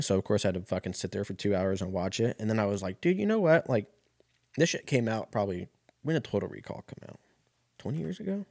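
A man's voice: fairly low pitch, darkish tone, no echo, studio quality. A man in his thirties telling a casual, rambling, profane story as a podcast host.

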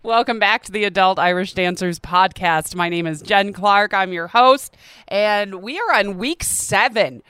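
A woman's voice: medium pitch, a little slow, pushed and bright, clear, resonant tone, no room sound. A woman hosting a podcast on a close mic, chatting casually with lots of fillers and a self-deprecating, laughing manner. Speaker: podcast host. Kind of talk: casual solo podcast talk.

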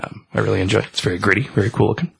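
A man casually recapping a comic book story in a relaxed, rambling way. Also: on the low side, racing, creaky, breathy edge. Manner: relaxed, rambling retelling with fillers.

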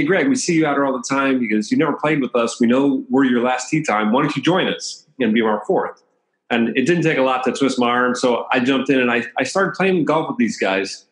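Chatty man telling stories in a roomy space. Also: medium pitch. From Washington, D.C. area. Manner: chatty, anecdotal, laughs between stories. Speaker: chiropractor. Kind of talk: casual storytelling interview. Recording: roomy echo.

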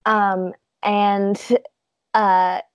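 A woman's voice: medium pitch, little pitch movement, drawn-out words, clean tone, no echo. A woman co-hosting a casual podcast chat, chatty and giggly, trailing off with fillers. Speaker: podcast co-host.

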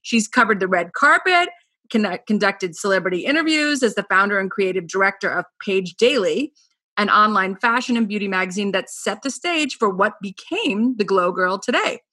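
A woman's voice: medium pitch, animated, moderate pace, sharp tone. A middle-aged woman from New York hosting a podcast interview, bubbly and effusive with gushing asides. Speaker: podcast host.

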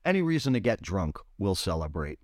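A man with a Rhode Island accent co-hosting a casual podcast, telling stories with animated, high-pitched quotes of other people. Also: a little fast, no echo, clean studio sound. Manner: animated storyteller, jumps high when quoting others. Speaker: podcast co-host. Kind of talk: casual chat.

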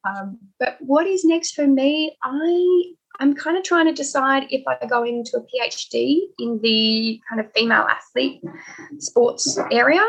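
A woman chats as a guest on a podcast, rambling a little and slipping into lively quoted voices. Her voice is gravelly with a husky edge. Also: sits high, low-quality recording. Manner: chatty, rambling, quotes people in raised voices. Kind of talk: casual interview chat.

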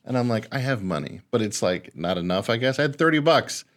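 A man co-hosting a podcast, telling a story in an animated way, swearing and acting out what people said. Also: mid-range voice, brisk. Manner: animated, swearing, acts out voices. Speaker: podcast co-host. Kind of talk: casual storytelling.

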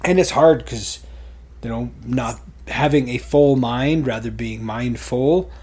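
A man co-hosting a casual talk show, rambling in a relaxed way. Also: medium pitch, slow, slightly rough. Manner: relaxed and rambling, with lots of fillers. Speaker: podcast co-host. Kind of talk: casual chat.

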